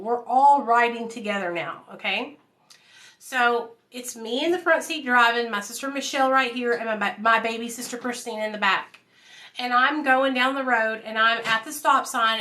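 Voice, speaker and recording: A woman's voice: fairly high pitch, sharp tone. A woman, casually telling her life story to viewers at home, calling them y'all. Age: 30s. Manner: chatty, addresses viewers as y'all and you guys.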